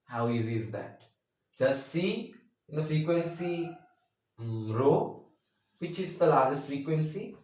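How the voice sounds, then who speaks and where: A chatty man walks students through a math lesson, cracking jokes and slipping in "means" between phrases. His voice sits a little high for a man. It is recorded in a very echoey room, some distance from the mic. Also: animated, measured pace, long pauses, darkish tone. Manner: chatty, joking asides, frequent "means" fillers. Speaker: math teacher. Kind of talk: casual math tutorial.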